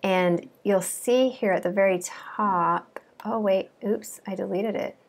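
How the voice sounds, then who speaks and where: A woman's voice: mid-range voice, takes it slowly. A woman, a coding bootcamp student, chatting casually and giggling as she walks through her project. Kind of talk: casual screen-share walkthrough.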